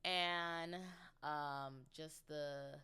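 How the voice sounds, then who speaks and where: A woman in her twenties talks through a solo podcast episode in a loose, chatty way. Her voice sits low for a woman, and she drifts into playful, giggly asides as she rambles. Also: steady tone, drawn-out words, pushed and bright, clear, resonant tone. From United States. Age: 20s. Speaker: podcast host. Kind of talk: casual solo chat.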